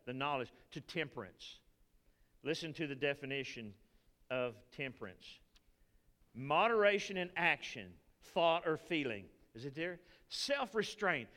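Animated Texan preacher in a reverberant hall. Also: male voice, on the high side. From Texas. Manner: animated, folksy preaching with storytelling. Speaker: pastor. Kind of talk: sermon.

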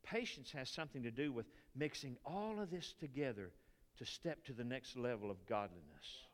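A man's voice: mid-range voice, expressive, moderate pace. An older man with a Texan accent preaching a conversational sermon, often checking in with the congregation. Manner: conversational preaching with frequent "are you with me" asides. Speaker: pastor. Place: church sanctuary. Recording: reverberant church hall with faint music.

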